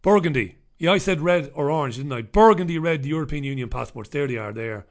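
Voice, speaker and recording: A man's voice: fairly high pitch, expressive, fast talker. An Irish man hosting a live stream in casual chat, sardonic and sweary as he greets viewers and riffs on the news. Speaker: livestream host.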